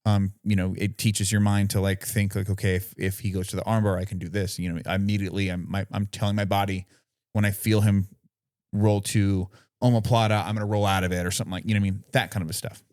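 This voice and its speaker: A man's voice: lowish voice, little pitch movement, fast, a little mellow, no room sound, clean studio sound. A man co-hosting a casual podcast, explaining things at length while searching for words, often asking "you know what I mean". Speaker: podcast co-host. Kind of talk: casual chat.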